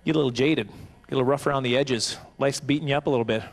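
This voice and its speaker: A man in his forties doing animated, self-mocking stand-up comedy at a banquet, on a handheld microphone. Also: medium pitch, racing, vocal fry. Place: banquet hall stage.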